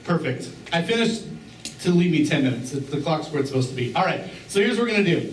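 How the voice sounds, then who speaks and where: A middle-aged pastor preaching in a relaxed, joking manner, repeating his key words for emphasis. His voice sits high for a man. It is heard from a little way off in a roomy church with faint background hum. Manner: conversational and joking, with repeated phrases. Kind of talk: sermon. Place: church sanctuary. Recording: roomy church sound from a distance.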